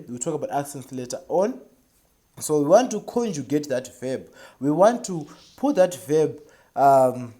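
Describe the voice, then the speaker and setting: A teacher giving a beginner French lesson, repeating each phrase and checking in often with a quick "right?". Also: medium pitch, dark tone.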